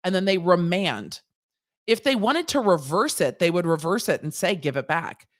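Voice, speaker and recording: A woman's voice: on the low side, sing-song, normal speed. A woman lawyer hosting a casual legal commentary livestream, chatty and digressive, laughing at her own jokes.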